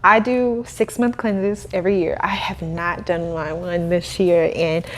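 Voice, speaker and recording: Animated woman telling her story. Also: on the low side, measured pace. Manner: animated, laughing, acts out quoted dialogue. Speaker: guest, cleaning business owner. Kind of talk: casual interview storytelling.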